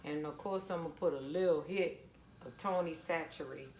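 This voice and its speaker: A woman's voice: sits low, moderate pace, reverberant, very noisy. A woman casually talking viewers through a home cooking recipe, chatty and down-to-earth. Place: home kitchen.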